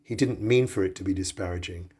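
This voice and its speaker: Low husky male narrator. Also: fast, warm tone. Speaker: podcast host and narrator. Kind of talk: scripted narration.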